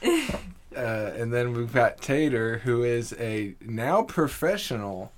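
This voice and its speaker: A young man hosting a casual podcast, relaxed with lots of fillers. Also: medium pitch. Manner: slow, relaxed, many fillers. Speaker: podcast host.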